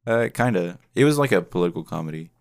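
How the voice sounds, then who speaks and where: Very deep gravelly male storyteller. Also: lively intonation, fast. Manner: rambling, hedging storyteller. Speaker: podcast co-host. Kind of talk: casual chat.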